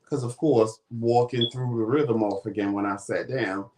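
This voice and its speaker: A man's voice: medium pitch, steady tone, normal speed, noisy background. A man hosting a vlog, casually retelling a story and acting out the quoted dialogue. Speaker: vlog host.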